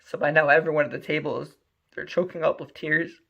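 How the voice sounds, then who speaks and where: A man telling a story aloud in an earnest, animated way, on a muffled lo-fi recording. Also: a little high, a little fast, gravelly. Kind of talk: spoken storytelling.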